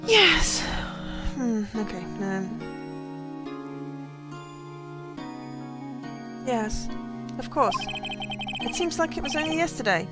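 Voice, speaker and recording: Woman reading as a gentle, apologetic big softy of a man, a touch higher than her own voice, with game music under. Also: animated, measured pace. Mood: recounting. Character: gentle giant male actor, shy softy.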